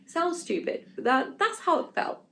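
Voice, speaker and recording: A woman's voice: very high voice, very animated, moderate pace, gravelly, pushed and bright, a little hiss or hum. A young woman vlogger telling her own story frankly and casually, full of fillers and asides, acting out her own panicked quotes. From England. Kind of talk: candid storytelling vlog.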